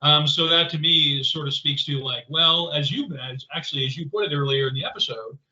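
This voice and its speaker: A man co-hosting a podcast, chatting casually in an animated, rambling way with lots of fillers. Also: fairly high pitch, a little fast. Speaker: podcast co-host. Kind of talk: casual conversational chat. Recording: roomy, slightly dull podcast audio.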